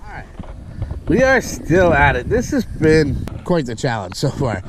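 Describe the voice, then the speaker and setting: A man's voice: fairly high pitch, unhurried, background noise. A man hosting a fishing vlog outdoors on the water, talking through his lures and whooping when he lands a fish. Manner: excitable, whoops loudly at catches. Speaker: fishing channel host.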